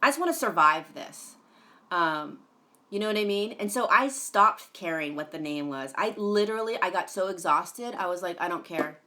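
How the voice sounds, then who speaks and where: A woman's voice: medium pitch, lively intonation, normal speed, pushed and bright. A woman hosting a casual livestream, chatting in a rambling way with many fillers, greeting viewers by name and swearing now and then. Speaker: livestream host.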